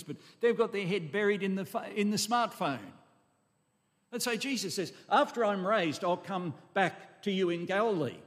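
A man preaching an expository sermon, emphatic and full of rhetorical questions and asides to his congregation. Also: sits high. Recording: long echo of a large hall.

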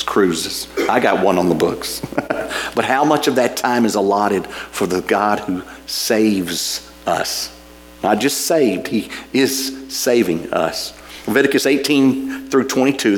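A man's voice: fairly low pitch, a little hiss or hum. A man preaching a sermon, reading scripture and telling a folksy story with frequent fillers and repeats. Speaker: pastor.

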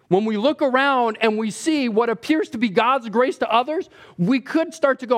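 A man preaching a sermon, animated and repeating words as he starts phrases, rising in pitch when he voices others' complaints. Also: normal speed, hardly any pauses. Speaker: pastor.

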